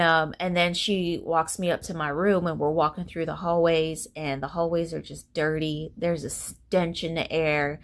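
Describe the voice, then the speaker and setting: Young adult woman, lowish voice, candid vlogger, profane and rambling, casual storytelling. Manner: candid, swears freely, many fillers.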